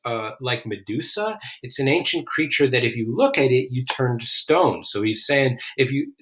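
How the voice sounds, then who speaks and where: A man teaching a classic play line by line, reading the quoted lines dramatically and then explaining them in casual talk full of "like". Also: medium pitch. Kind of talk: line-by-line literature lesson.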